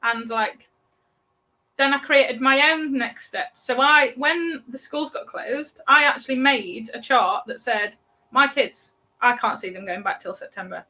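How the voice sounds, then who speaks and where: A British woman in her thirties, a parenting coach chatting as a guest, talking in halting bursts with many restarts. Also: on the high side, pushed and bright. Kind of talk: casual podcast interview.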